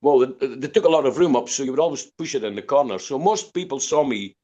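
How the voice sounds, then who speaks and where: A man's voice: medium pitch, lively intonation, fast, dark tone, muffled recording. An older man with a Scottish accent, a podcast guest telling long anecdotes with many restarts. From Scotland, Dundee. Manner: rambling storyteller, repeats words and restarts. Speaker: guest musician. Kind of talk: podcast interview.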